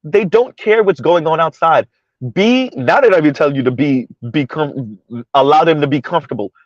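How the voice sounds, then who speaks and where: A South Florida man with a voice on the high side chats animatedly to his viewers at a moderate pace while driving his car through floodwater, repeating himself and laughing often. He's a commentary vlogger, and the audio is dull and dry, with no room sound.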